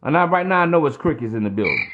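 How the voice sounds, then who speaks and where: A man's voice: a little high, sing-song, very fast, lo-fi sound, very noisy. A man hosting a podcast, ranting in a preachy, profane monologue full of repetition. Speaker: podcast host.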